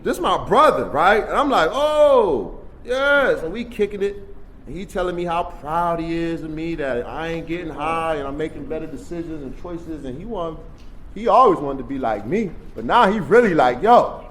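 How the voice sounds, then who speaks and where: A man telling his recovery story at a workshop, in streetwise storytelling that swings from hushed to loud. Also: fairly high pitch, lively intonation, fairly quick. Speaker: recovery meeting speaker. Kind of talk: personal recovery share at a workshop. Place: convention workshop room.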